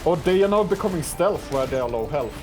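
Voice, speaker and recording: A man's voice: on the high side, expressive, fairly quick. A man playing a co-op game, chatting casually, teasing his partner and laughing often. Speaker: co-op gaming partner. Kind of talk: casual gaming chat. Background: game music.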